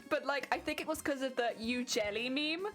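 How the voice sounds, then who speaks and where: A woman's voice: high voice, a little fast, a bit bright, faint music behind. A young British woman streaming casually while crafting, chatty and giggling often. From Britain.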